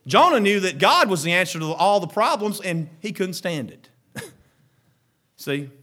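Fervent high-voiced man preaching a sermon. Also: sing-song, measured pace. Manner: fervent, swings to shouting bursts then quieter asides, chuckles often.

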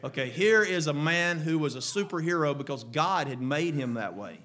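Fervent high-voiced man preaching a sermon. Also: lively intonation, moderate pace. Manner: fervent, swings to shouting bursts then quieter asides, chuckles often.

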